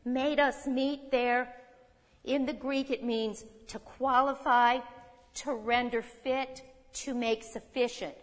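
A woman's voice: high voice, steady tone, takes it slowly. A woman preaching a sermon, reading scripture aloud, explaining it in a teaching manner and asking the audience questions. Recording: long hall reverb.

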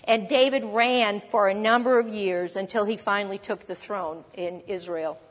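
A woman teaching a sermon on a psalm, expressive and lively, acting out quoted lines. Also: mid-range voice, normal speed, in a large hall. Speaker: Bible teacher.

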